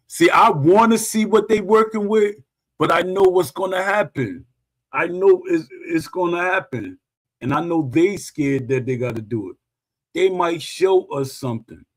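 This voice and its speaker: A man with a New York accent in casual podcast chat, talking in a halting, drawled way with fillers. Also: fairly high pitch.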